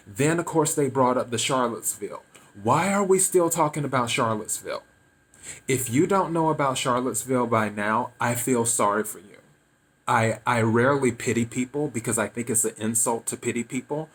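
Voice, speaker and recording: A man's voice: mid-range voice, unhurried, low-quality recording. A man hosting his own podcast, just woken up and giving casual, opinionated political commentary. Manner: relaxed, freshly woken, opinionated. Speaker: podcast host.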